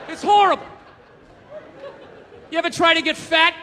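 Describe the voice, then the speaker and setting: A man doing a profane stand-up comedy routine, ranting loudly and mocking people in put-on voices. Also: very high-pitched, steady tone, brisk, pauses often, big-room sound, some chatter behind, a little hiss or hum.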